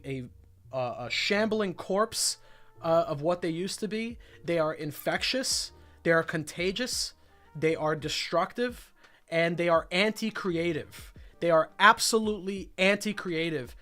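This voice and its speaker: A man's voice: fairly high pitch, bright, forceful tone. A young man hosting a casual livestream chat, ranting with lots of swearing and repeated phrases. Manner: ranting, profane, repeats himself. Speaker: livestream host.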